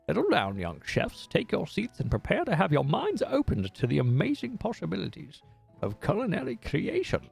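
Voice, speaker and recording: A fussy talking dog professor, put on by a man in a cranky old-man voice. He lectures in a high, gravelly, jumpy tone, with faint guitar music underneath. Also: huge pitch swings, moderate pace, a little mellow, exaggerated voice. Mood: lecturing.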